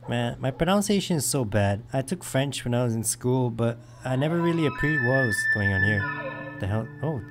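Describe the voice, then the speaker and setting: A man hosting a let's play, talking about his game and shouting commands between chatty asides. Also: mid-range voice, lively intonation, normal speed, faint music behind. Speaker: gaming video host.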